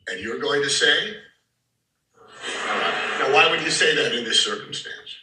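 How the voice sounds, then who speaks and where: Man teaching acting, bright and far. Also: medium pitch, lively intonation, moderate pace. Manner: frequent throat clearing; talks directly to the class. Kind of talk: lecturing a live acting class. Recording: roomy hall, far from the mic.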